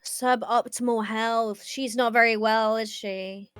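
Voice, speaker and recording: A woman's voice: fairly high pitch, fairly even intonation, slow pace, music in the background. A young woman reacting to a show in casual, emotional commentary, often gasping and laughing. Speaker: reaction video host.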